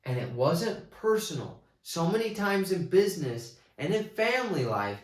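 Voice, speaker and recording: A man giving a casual movie review, rambling with many restarts and excited retellings. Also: sits high, moderate pace, roomy sound.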